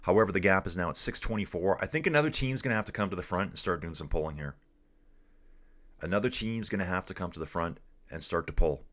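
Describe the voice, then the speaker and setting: Man, very low pitch, laid-back, calls people dude, casual live stream commentary. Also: expressive, fast talker, fairly bright tone. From Canada. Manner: laid-back, calls everyone dude, reads chat aloud.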